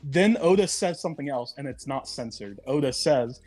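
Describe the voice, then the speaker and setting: A man's voice: mid-range voice, sing-song, fairly quick, few pauses, darkish tone, faint music behind. A man co-hosting a casual podcast chat, walking through a theory at length and reading quotes aloud. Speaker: podcast co-host.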